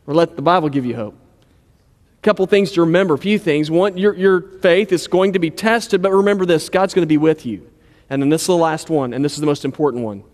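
A male pastor delivers a sermon with a notably high-pitched voice. He talks in a relaxed, conversational manner, often sinking to a low, soft voice to drive a point home. The sound carries a long reverb, as in a large hall. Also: a little fast. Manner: conversational preaching, dropping low and quiet for emphasis.

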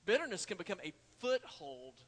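A man's voice: high-pitched, very animated, brisk, fairly bright tone. A man preaching a sermon, telling a folksy story and talking to the congregation as y'all. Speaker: pastor. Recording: church hall reverb.

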